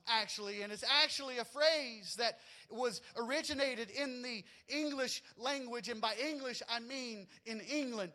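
A man's voice: very high-pitched, pushed and bright. A man with a Southern US accent preaching a sermon to his congregation in a church, folksy and joking with them. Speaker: pastor.

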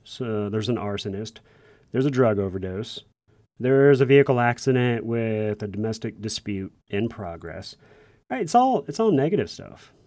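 A man's voice: mid-range voice, a little mellow, no room sound. A man, likely in his thirties, telling a folksy personal story to first responders in an earnest, conversational way, with frequent restarts. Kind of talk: casual storytelling monologue.

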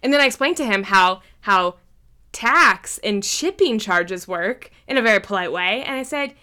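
A woman's voice: medium pitch, animated, normal speed, pushed and bright. A woman chatting casually as a podcast co-host, swearing freely and acting out quotes as she tells stories. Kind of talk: casual chat.

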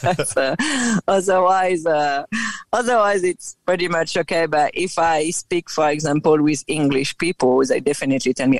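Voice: mid-range voice, a little slow, no room sound. French-accented guest who laughs a lot. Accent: French, with some Australian. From France. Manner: laughs often, hesitant with fillers and restarts. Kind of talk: casual interview chat.

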